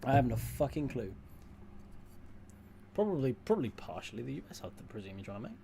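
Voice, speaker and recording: A man's voice: mid-range voice, big pitch swings, fast, creaky, warm tone, slight background noise. Blunt, sweary British young man. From United Kingdom. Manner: blunt and sweary, with dry asides. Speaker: streamer. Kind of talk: casual livestream chat, answering viewers.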